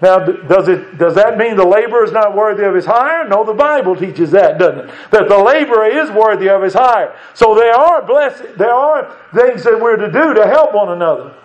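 A man with a high, expressive voice preaches a folksy church sermon at a moderate pace with few pauses. He talks conversationally, poses rhetorical questions to the congregation, and chuckles now and then. The church recording is dull and lo-fi.

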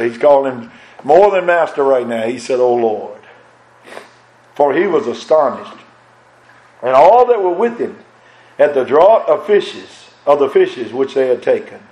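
A man preaching with fervor, his voice pitched on the high side and rising and falling in an old-style preaching cadence. The sound rings around an echoey church room. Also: darkish tone. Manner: impassioned preaching cadence, swelling and dropping. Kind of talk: sermon.

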